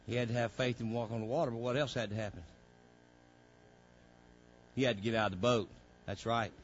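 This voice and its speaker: A man preaching a sermon as pastor, calling out to the congregation and swelling into fervent, loud passages. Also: mid-range voice, fairly even intonation, fairly quick, dull audio. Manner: preaching with call-outs to the congregation, rising to loud fervor.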